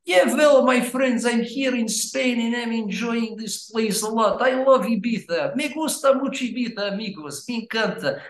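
A boisterous Russian man at a party , as a man puts him on booms out in a high, excited voice. His Russian accent is thick and theatrical, and the sound carries a roomy echo. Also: normal speed, few pauses. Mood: exuberant. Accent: Russian, put on. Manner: loud, exuberant, high-pitched imitation.

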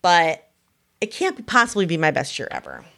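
A woman's voice: fairly low pitch, moderate pace. A woman in her early forties, co-hosting a casual chat and telling stories animatedly while acting out what people said. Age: 40s. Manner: animated storyteller who acts out quotes. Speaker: podcast co-host.

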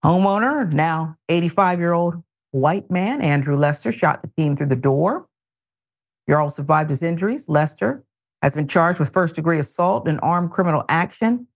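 Gravelly low-voiced woman news host. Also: moderate pace. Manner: animated, editorializing with pointed asides. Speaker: news talk show host. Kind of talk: reading news with commentary.

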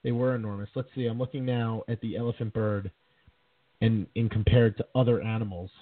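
A man co-hosting a casual podcast, rough and husky in tone, launching into animated mock-dramatic rants. His voice comes through thin and tinny, like over a phone line, with no room sound at all. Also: on the low side, a little fast, no room sound. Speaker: podcast co-host. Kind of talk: casual chat.

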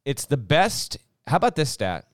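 A man's voice: medium pitch, big pitch swings, normal speed, dry recording, studio quality. A young adult man co-hosting a podcast, chatting casually about college basketball picks and reeling off stats. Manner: chatty, stat-heavy, restarts sentences. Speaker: podcast co-host. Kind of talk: casual sports betting chat.

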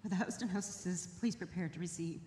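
A woman in her forties giving an earnest, hesitant personal testimony to a church congregation, with many pauses and ums. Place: large church sanctuary. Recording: roomy hall echo, faint rumble.

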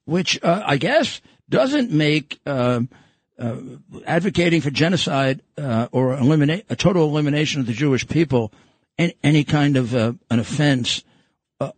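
Older New York man, husky and rambling. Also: on the high side, no echo. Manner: rambling, joking, with many fillers and restarts. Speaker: podcast host. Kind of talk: casual political talk show chat.

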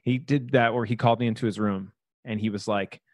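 A man's voice: on the low side, fairly even intonation, fairly quick, no room sound. A man co-hosting a comedy podcast, talking loosely and chattily and laughing often. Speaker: podcast co-host. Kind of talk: casual podcast chat.

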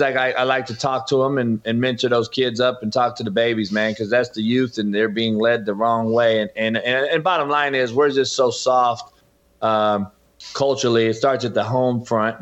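A man's voice: mid-range voice, muffled recording. A man, a podcast host and former coach, talking as a guest in a heated, emphatic and preachy way. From California. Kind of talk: heated interview talk.

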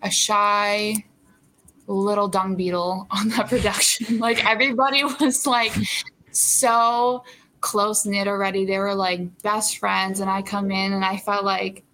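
A young actress as an interview guest, chatting casually with lots of fillers and frequent laughter. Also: female voice, mid-range voice, flat delivery, measured pace, bright, forceful tone.

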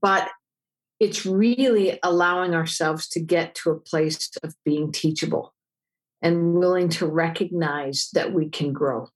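Middle-aged woman therapist, interview guest; slightly low voice, expressive and chatty. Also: a little slow. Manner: expressive storyteller, acts out dialogue with big pitch jumps. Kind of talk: interview answers.

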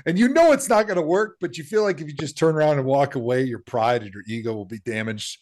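A man's voice: on the high side, fast talker, a little mellow. A man co-hosting a podcast, telling stories in casual chat and swinging his voice up to act out quoted lines. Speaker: podcast co-host. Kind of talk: casual storytelling.

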